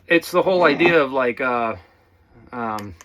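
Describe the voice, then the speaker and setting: A man's voice: mid-range voice, lively intonation, measured pace, background noise. A man giving a casual spiritual talk to viewers, rambling and calling them guys. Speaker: spiritual teacher.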